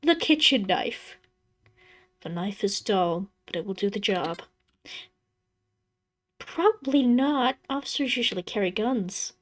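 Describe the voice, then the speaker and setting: A woman's voice: medium pitch, expressive, measured pace, long pauses, fairly bright tone. A woman playing a horror game, reading its text aloud and adding dry, wry asides. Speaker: game streamer.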